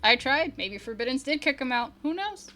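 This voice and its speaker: A woman's voice: high-pitched, lively intonation, moderate pace, bright, forceful tone. A woman playing her own wry, curious adventurer in a tabletop game. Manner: exasperated, wry asides.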